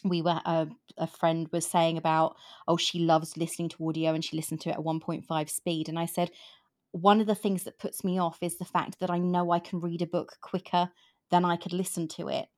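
A woman, hosting a podcast about books. Her voice sits a little low, and she talks in an animated, rambling way, laughing often. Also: fairly quick. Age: 50s. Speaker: podcast host. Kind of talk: casual book chat.

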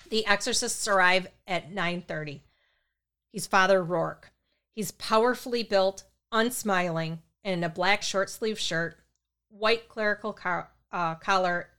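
Smooth-voiced woman narrating a story. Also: medium pitch, sharp tone.

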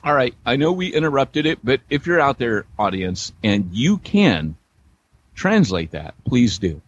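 An American man co-hosts a podcast in loose, joking chat, his voice husky and full of swooping pitch. The audio sounds somewhat dull and lo-fi, as if captured on a modest setup. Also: measured pace. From United States. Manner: animated storyteller, joking. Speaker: podcast co-host. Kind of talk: casual chat. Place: San Diego area.

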